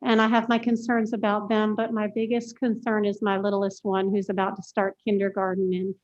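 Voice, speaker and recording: A woman's voice: mid-range voice, little pitch movement, a little fast. A woman in her forties, a mother of four, speaking in a concerned, down-to-earth way at public comment. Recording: dull lo-fi meeting audio.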